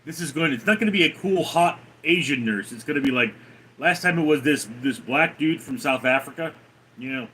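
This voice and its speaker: A man's voice: a little high, a little fast, pushed and bright, husky, low-quality recording. A man hosting a casual livestream, rambling offhandedly and reading chat aloud. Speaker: livestream host.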